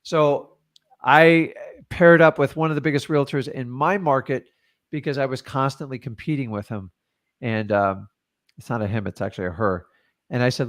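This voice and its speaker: Taking live questions, a man gives real estate coaching in a casual, blunt, animated style, sprinkling in "like" and "man" often. His voice is mid-range and his pace moderate.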